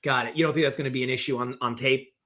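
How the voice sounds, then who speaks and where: A man's voice: medium pitch, steady tone, rapid-fire, a bit bright. A man hosting a sports betting show, talking in a laid-back, casual way with short, dry replies. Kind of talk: casual chat.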